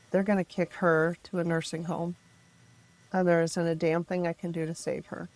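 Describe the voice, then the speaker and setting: A middle-aged mother from the American Midwest telling her family's story in an interview, emphatic and frank, turning animated when she quotes others. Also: low-pitched. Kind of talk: personal storytelling in a podcast interview.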